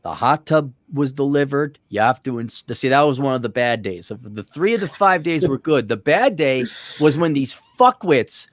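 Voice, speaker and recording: A man's voice: medium pitch, animated, moderate pace, few pauses, no echo, clean studio sound. A man co-hosting a casual podcast, telling stories in a profane, ranting way and acting out the people he quotes. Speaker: podcast co-host.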